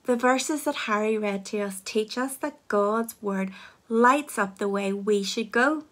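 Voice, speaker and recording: A woman leading children's church, explaining a Bible lesson in a clear, teacherly way. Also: medium pitch, measured pace.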